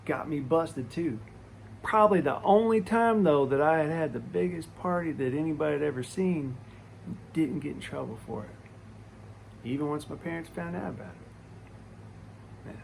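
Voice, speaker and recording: Gravelly man spinning a yarn. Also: a little high, normal speed, pauses often, slight background noise. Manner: folksy, rambling, with restarts and asides. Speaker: vlogger telling a childhood story. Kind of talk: casual storytelling.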